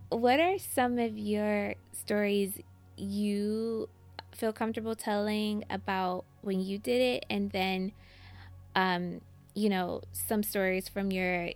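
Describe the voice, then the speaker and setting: A woman host in a casual interview, asking questions and reacting with soft encouragement. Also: medium pitch, slow pace, vocal fry, faint music behind.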